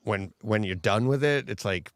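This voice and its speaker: Low-voiced man rambling with frequent laughs. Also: moderate pace, dry recording, studio quality. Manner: rambling storyteller, laughs often mid-sentence. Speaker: podcast co-host. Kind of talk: casual chat.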